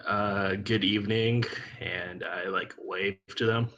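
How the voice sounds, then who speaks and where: A man with a fairly low voice and a bright edge plays a tabletop game. He talks in halting bits packed with fillers. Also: steady tone, lo-fi sound. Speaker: player. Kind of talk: casual tabletop play.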